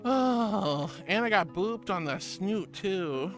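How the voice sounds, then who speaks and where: A woman's voice: mid-range voice, expressive, takes it slowly, faint music behind. A woman streaming as a VTuber host, chatting casually, reading chat aloud and thanking viewers with affectionate pet names.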